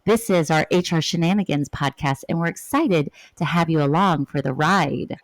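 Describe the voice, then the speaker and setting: A woman's voice: low voice, moderate pace, heavy background noise. A woman hosting a podcast, chatting casually in a playful way. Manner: playful, reads a jokey scripted intro. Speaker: podcast host.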